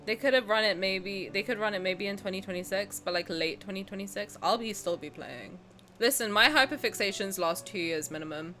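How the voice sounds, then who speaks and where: A young adult woman streaming a game, chatting casually and reading the story aloud, excitable and prone to swearing and sudden loud outcries. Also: medium pitch, fairly quick. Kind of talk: casual gaming reaction stream.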